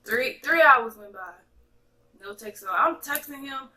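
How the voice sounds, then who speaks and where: Bright-voiced young woman vlogger, a bit distant. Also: high voice, a little slow. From North Carolina, USA. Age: young adult. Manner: chatty and animated, talks straight to viewers. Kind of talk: casual storytime vlog.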